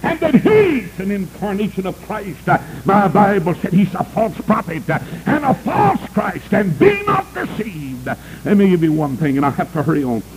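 A man preaching a revival sermon, breaking into sudden high shouted cries and saying "uh" before nearly every phrase. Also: very animated, normal speed, background noise.

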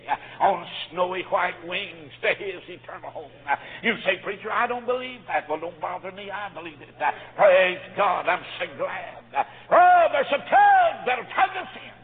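A man preaching a sermon, fervent and swinging between quiet storytelling and shouts. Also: on the high side, slightly rough. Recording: phone-like audio with long hall reverb.

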